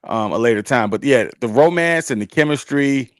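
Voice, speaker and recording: A man's voice: mid-range voice, lively intonation, moderate pace, dry recording, clean studio sound. A man co-hosting a casual book review chat, speaking in a laid-back, slangy way and drawing out his phrases.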